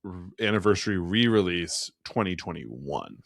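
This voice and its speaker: Low-voiced chatty man in a dry room. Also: sing-song, normal speed, creaky, dry recording. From New England, near Boston. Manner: chatty, laughs often, filler-heavy. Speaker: podcast co-host. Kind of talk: casual chat.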